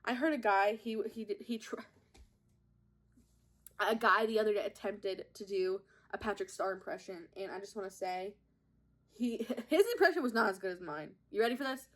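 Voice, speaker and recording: A young podcast host speaks at a medium pitch and moderate pace while applying makeup at home. Filming on a propped-up phone, she chats casually, giggles, and tells self-deprecating stories.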